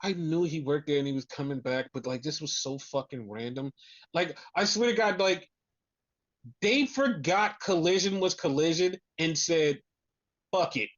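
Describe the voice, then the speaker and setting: A podcast co-host ranting in casual chat, animated and full of profanity. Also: mid-range voice, normal speed, muffled recording.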